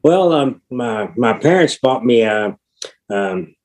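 A man in his sixties with a Texan accent, a podcast guest talking in an easygoing, halting way full of fillers and restarts. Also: medium pitch, expressive, a little mellow, low-quality recording. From Texas. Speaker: guest, retired motorcycle racer. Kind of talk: casual interview chat.

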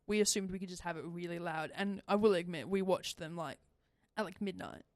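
A woman's voice: on the low side, fairly quick, no echo, clean studio sound. A young woman co-hosting a podcast, chatting casually in a rambling way and laughing often. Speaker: podcast co-host. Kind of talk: casual chat.

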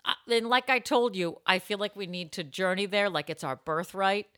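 Bright, chatty woman telling stories. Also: mid-range voice, normal speed. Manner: chatty storyteller, animated and joking. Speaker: podcast co-host. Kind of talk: casual chat.

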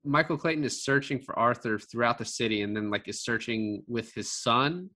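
A man with a bright, forceful voice chats casually about a film. He gets animated, drops swear words for emphasis and acts out the characters' lines in his own voice. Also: medium pitch, moderate pace. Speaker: podcast co-host discussing a film. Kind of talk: casual conversation.

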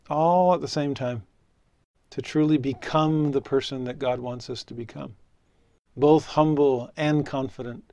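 A middle-aged man preaching a sermon in an earnest, conversational way, telling stories and letting his voice drop softly at the ends of phrases. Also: medium pitch, creaky, dry recording. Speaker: preacher and religious teacher. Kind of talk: sermon with storytelling.

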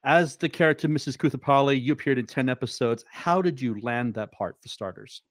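A man hosts an interview show, putting loose, searching questions to his guest at a middling pitch. The sound is close and dry, with no room around it. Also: a little fast, no room sound. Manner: relaxed, searching questions with restarts. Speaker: podcast host. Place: dry studio.

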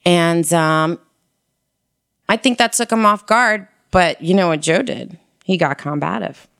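Gravelly low-voiced woman telling a story. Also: unhurried. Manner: frank, animated storytelling with slang. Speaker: guest telling a personal story. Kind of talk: candid casual conversation.

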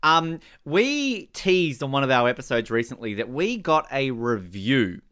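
A man co-hosts a casual podcast and jokes his way through a film commentary. His voice is bright and forward, and his pitch swings freely up and down. He laughs often as he talks. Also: measured pace. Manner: joking, animated, laughs often. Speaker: podcast co-host.

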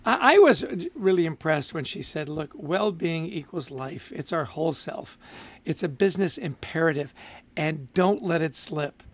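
A man co-hosting a podcast in casual chat, upbeat and quick to laugh. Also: fairly high pitch, expressive. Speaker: podcast co-host.

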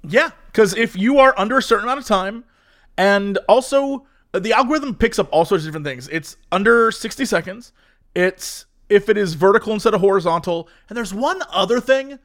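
In a brisk, high-pitched voice, a man co-hosting a casual podcast tells animated stories and laughs often.

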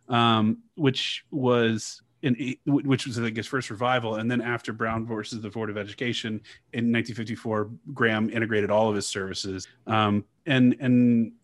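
A man hosting a casual podcast, telling a history story conversationally with many fillers and reading quotes aloud. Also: medium pitch. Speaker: podcast host.

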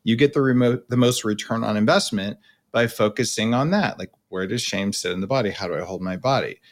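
A man's voice: on the low side, brisk. A middle-aged man hosting a podcast, coaching his guest and explaining at length in a blunt, casual way. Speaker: podcast host. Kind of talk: coaching conversation.

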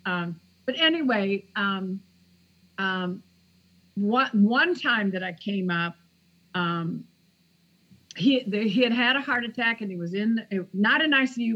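A woman's voice: mid-range voice, muffled recording. A woman author, a podcast guest, telling a personal story in a casual interview and acting out the quoted dialogue.

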